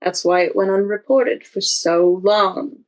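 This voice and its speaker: A woman voicing a gruff, tough female tavern keeper in a tabletop game. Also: mid-range voice, fairly even intonation, measured pace, lightly acted, poor audio. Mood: grim. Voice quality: gruff, a bit too aggressive.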